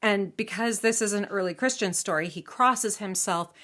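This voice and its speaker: A woman's voice: medium pitch, moderate pace, fairly bright tone. A woman from the United States, casually telling a legend to a child, chatty and playful with asides. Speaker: storyteller.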